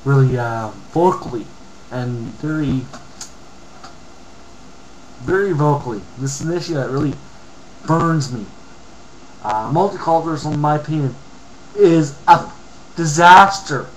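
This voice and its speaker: A man from Canada with a voice pitched a little high reads comments aloud into a computer mic and fires back in a heated, profane rant. His talk swings between muttered asides and angry outbursts. A faint hiss sits under the recording. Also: measured pace, pauses often, poor audio. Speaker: vlogger. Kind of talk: ranting while reading online comments aloud.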